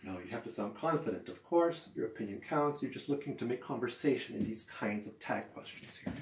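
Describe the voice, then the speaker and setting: A man gives an English lesson at a whiteboard, his pitch leaping around as he acts out example sentences. The room is echoey, with a faint hiss under his voice. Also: a little fast. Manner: animated, acts out example sentences with swooping intonation. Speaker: ESL teacher.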